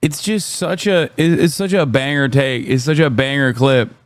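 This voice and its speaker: A man's voice: mid-range voice, moderate pace, dry recording. A man live-streaming, ranting about chat trolls in heated, profane, sarcastic commentary.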